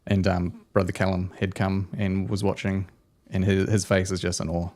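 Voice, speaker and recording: A man's voice: deep voice, completely flat delivery, moderate pace, darkish tone. A man running a tabletop role-playing game, narrating scenes with loose, searching phrasing and frequent filler words. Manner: descriptive narration with frequent ums and likes. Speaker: game master.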